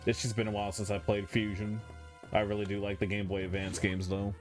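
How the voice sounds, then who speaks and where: A man's voice: fairly low pitch, level tone, fairly quick. A man streaming a game, chatting in a rambling, self-mocking way from his room at home. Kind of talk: casual chat while playing. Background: game music.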